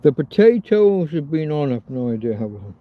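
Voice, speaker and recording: A man's voice: on the high side, sing-song, normal speed. Crude rambling man on a phone livestream. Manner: crude and swearing, rambling, jokey. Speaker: livestreamer cooking outdoors. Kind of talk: rambling casual livestream chat. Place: outdoors in a field. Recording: dull lo-fi phone audio.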